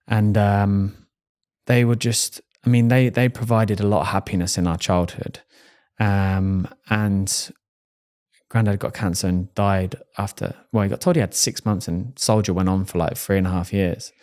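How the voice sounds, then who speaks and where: A man with a low voice hosts a casual podcast talk indoors. His manner is open and candid, and he laughs easily. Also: fairly even intonation, normal speed, a little mellow. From England. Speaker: podcast host.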